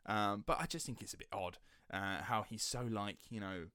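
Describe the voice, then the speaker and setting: A man's voice: on the low side, normal speed, bright, forceful tone, no room sound, clean studio sound. A man hosting a podcast, telling a story in a chatty, sceptical way. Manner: chatty, sceptical, slips into quoted voices. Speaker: podcast host. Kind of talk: casual storytelling chat.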